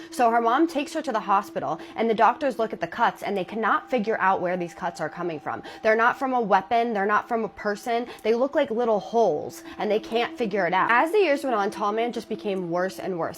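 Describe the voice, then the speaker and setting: A woman narrates a creepy real-life story in a relaxed, chatty manner. Her voice sits in an ordinary middle pitch, and she leans into the tense moments and adds sympathetic asides. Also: fairly quick, few pauses. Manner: conversational, dramatic retelling with sympathetic asides. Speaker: storytime creator.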